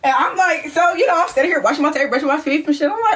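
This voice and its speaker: A woman's voice: high-pitched, racing, hardly any pauses, fairly bright tone. A woman on a live stream telling a story, acting scenes out with swearing and laughter. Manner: profane, laughing, acts scenes out. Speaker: livestream host.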